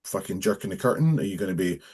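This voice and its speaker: Scottish guy, 30s, low husky voice, swears a lot telling stories. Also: lively intonation, fast talker, darkish tone. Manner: blunt, sweary storytelling. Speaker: guest, professional wrestler. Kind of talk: casual chat.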